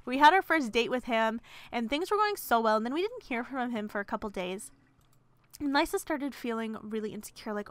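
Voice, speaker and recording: Woman narrator for a casual let's play; chatty and gossipy, rambles with fillers, voice on the high side. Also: moderate pace, fairly bright tone, no echo. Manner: rambling, many fillers and restarts. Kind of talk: casual game commentary.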